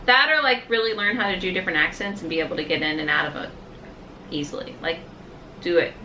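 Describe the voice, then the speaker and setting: Bright-voiced woman with faint Southern accent. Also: on the low side, quick pace, slight background noise, low-quality recording. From American South. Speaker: vlog co-host. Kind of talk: casual chat.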